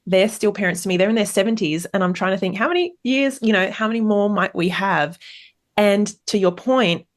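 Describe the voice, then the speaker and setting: A woman's voice: medium pitch, a little fast. A woman hosting a podcast interview. She asks questions conversationally, with fillers and restarts. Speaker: podcast host.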